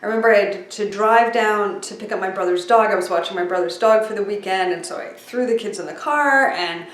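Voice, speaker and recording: A middle-aged woman talking casually about breathing and slowing down, with lots of fillers and asides. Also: mid-range voice. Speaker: speaker sharing breathing tips. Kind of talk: casual storytelling talk. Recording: echoey room, mic at a distance.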